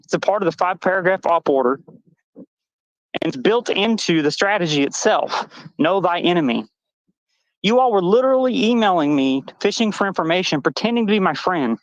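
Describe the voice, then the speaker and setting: A woman's voice: lowish voice, expressive, a little fast, no room sound, lo-fi sound. A trans woman on a live stream panel, delivering a heated, angry rant full of swearing and accusations.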